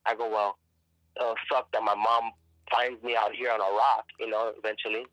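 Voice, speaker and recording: Emphatic, bright-voiced man telling his story. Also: fairly low pitch, flat delivery, normal speed, no room sound, lo-fi sound. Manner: emphatic, profane, repeats and restarts words. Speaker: actor and podcast guest. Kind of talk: casual conversational storytelling.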